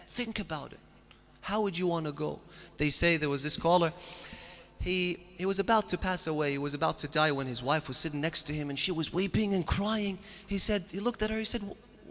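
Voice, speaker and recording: A man's voice: on the high side, fairly bright tone. A man giving a religious sermon, telling stories with earnest, rising emphasis. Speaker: preacher. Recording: long hall reverb.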